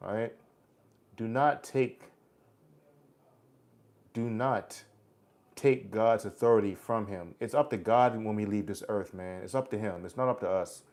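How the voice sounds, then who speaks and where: A man's voice: lowish voice, unhurried, pauses often, a little mellow. Blunt, preachy man in his forties. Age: 40s. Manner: blunt, preachy street talk with "bro" and "man". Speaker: livestream host. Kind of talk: casual live chat reading comments.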